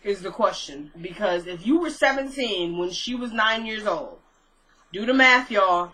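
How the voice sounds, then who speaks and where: A woman's voice: fairly high pitch, moderate pace, fairly bright tone, low-quality recording. A woman chatting casually to her viewers as she recaps a TV episode, thinking aloud and questioning what she saw.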